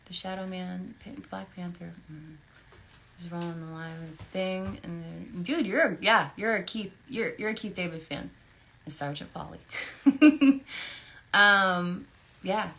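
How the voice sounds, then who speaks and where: A woman voice actress chatting casually and effusively while signing autographs, thinking out loud as she goes. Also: fairly low pitch, vocal fry. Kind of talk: casual livestream Q&A chat.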